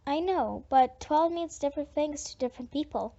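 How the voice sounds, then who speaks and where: A woman voicing a protective middle-aged father who speaks calmly and steadily. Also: high-pitched, moderate pace. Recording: dull lo-fi audiobook recording.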